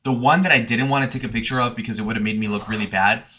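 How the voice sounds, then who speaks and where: Fields: Sex: man. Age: 20s. Tone: bright, forceful. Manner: provocative. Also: medium pitch, fast, a little hiss or hum. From Michigan. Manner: provocative, sarcastic, meandering. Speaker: streamer. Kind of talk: casual rambling monologue.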